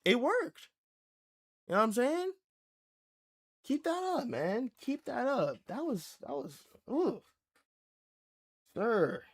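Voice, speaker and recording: A young man hosting a live reaction stream, talking in a casual, slangy and excitable way and laughing easily. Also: extremely high pitch, slow, gravelly, long pauses. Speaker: livestream reaction host.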